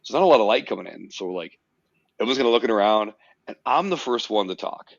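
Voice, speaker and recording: Low-voiced guy spinning a story on a podcast, cusses a lot, dull dry lo-fi sound. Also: quick pace, gravelly, no room sound. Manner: animated storyteller, swears freely, puts on silly voices in quotes. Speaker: podcast host. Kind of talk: casual storytelling chat.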